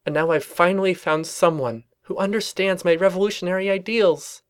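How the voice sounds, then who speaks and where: A man voicing an earnest, excitable young female unicorn pony in a storybook reading, with a high, squeaky, breathy voice and gushing outbursts. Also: a little fast, close to an everyday voice.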